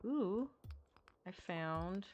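A woman's voice: on the low side, lively intonation, drawn-out words, a little mellow, muffled recording, a little hiss or hum. A woman streaming a farming game, chatting casually, reading dialogue aloud and swearing now and then. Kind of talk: casual gaming chat.

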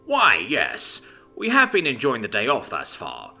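Male narrator doing a formal captain: proper, stiff, bright-toned. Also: medium pitch, wildly swooping pitch, unhurried, vocal fry, faint music behind, full character voice. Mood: brisk, formal.

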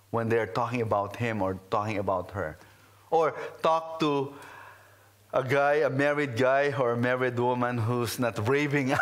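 Male pastor, non-native English speaker, mid-pitched, unhurried earnest sermon delivery with pauses. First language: not English. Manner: slow, earnest, reflective preaching with pauses. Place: in his car.

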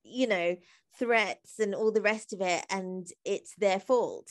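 A woman talking as a podcast guest in a chatty, animated way, laughing often and filling her speech with "like". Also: mid-range voice, slow. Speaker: guest, comedy writer and singer. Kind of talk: casual interview conversation.

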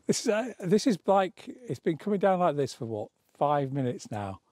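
A man's voice: on the high side, very animated, a little slow, a little mellow, dry recording. Guy laughing and joking out in the snow, dry close sound. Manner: jokey, laughs often, restarts sentences. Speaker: vlog co-host. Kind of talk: casual outdoor chat. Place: outdoors in snow on an island.

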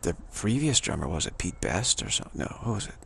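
A man with a deeply gravelly, fry-laden voice sitting a little low in pitch talks to his audience in a loose, meandering way. He circles back on his own phrases and drops into playful scat-like asides, with a faint hiss behind him. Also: big pitch swings, fast talker, a bit bright. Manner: loose, repetitive, drum-like scatting and asides. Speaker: speaker addressing an audience. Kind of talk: casual rambling monologue.

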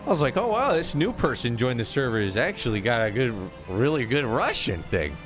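A man chatting on a game stream with excited, laughing banter. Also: mid-range voice, fairly quick, music in the background. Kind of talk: casual game stream chat.

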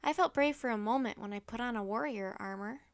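A woman's voice: fairly high pitch, fairly quick, dry recording, clean studio sound, natural voice. A woman voicing an earnest, curious young boy who speaks eagerly.

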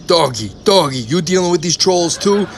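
A man doing an excitable loud dude. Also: moderate pace, slight background noise. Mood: excited. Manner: loud, excitable, high-pitched when worked up. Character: excitable young man calling everyone doggy.

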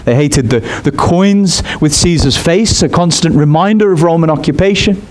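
A man preaching a sermon in an expressive way. He climbs high in pitch on his emphatic points. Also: normal speed.

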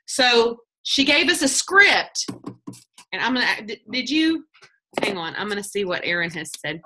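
Casting note: bright, lively woman telling stories during a team pep talk on a video call. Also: medium pitch, unhurried, slight background noise. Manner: chatty, animated, acts out quotes, laughs often. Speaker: team leader giving a sales training talk.

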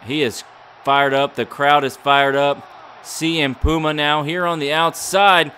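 Gaming YouTuber, male, mock ring-announcer play-by-play, bright and punchy, excitable. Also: fairly high pitch, a little slow, a little hiss or hum. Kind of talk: play-by-play game commentary.

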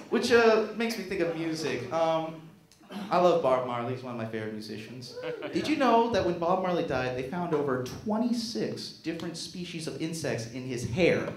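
A young man doing a self-mocking stand-up comedy set on a small theater stage. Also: on the high side. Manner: animated, self-mocking, jumps into silly voices. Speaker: stand-up comic. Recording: roomy stage sound.

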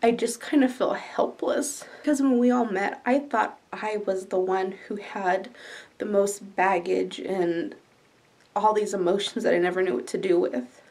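A woman talking candidly in a personal vlog from her living room, halting at times with fillers. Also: medium pitch, fairly even intonation, creaky, darkish tone. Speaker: vlogger. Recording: voice a bit distant from the mic.

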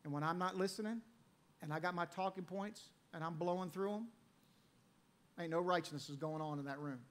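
A man's voice: sits high, brisk. Storytelling male pastor preaching a sermon. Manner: storytelling preacher, swings between loud emphasis and quiet scripture reading. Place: church sanctuary.

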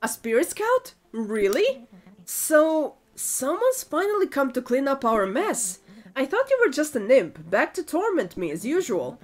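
A woman's voice: sits high, very animated, unhurried. A woman reading game dialogue aloud as a prickly, leafless female tree spirit, haughty and then self-pitying. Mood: wry.

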